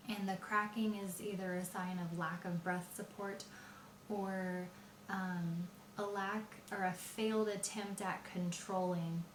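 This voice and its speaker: A woman teaches singing in a patient, explanatory manner, often pausing with fillers as she talks. She speaks at a slow, unhurried pace. Her voice rings a little in a roomy, echoey space with faint room hum behind it. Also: mid-range voice, steady tone. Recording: roomy echo.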